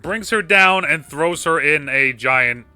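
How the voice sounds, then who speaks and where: A man's voice: on the high side, lively intonation, takes it slowly, pushed and bright, clear, resonant tone, dry recording, faint music behind. A man co-hosting a casual podcast, chatting in a laid-back way about a film. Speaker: podcast co-host. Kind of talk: casual movie review chat.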